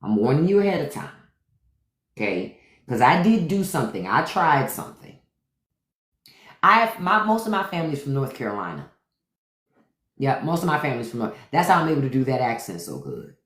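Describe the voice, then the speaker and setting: A podcast host from Washington, D.C., talking loose and profane on a livestream. His pitch swings widely as he riffs. The sound bounces around an echoey room. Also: fairly quick, long pauses. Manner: animated, profane riffing. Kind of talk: casual livestream chat.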